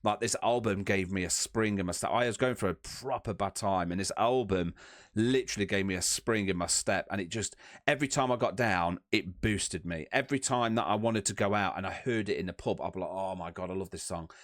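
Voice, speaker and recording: Excitable bloke, lowish voice. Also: male voice, brisk, no room sound, clean studio sound. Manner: enthusiastic, rambling with many restarts. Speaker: podcast co-host. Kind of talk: casual chat.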